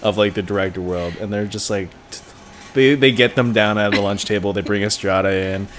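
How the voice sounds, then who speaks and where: A man's voice: fairly low pitch, brisk, fairly bright tone. A man co-hosting a podcast, chatting casually and joking through mock gossip scenes. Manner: playful, jokey, acts out gossip scenes. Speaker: podcast co-host. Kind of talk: casual chat.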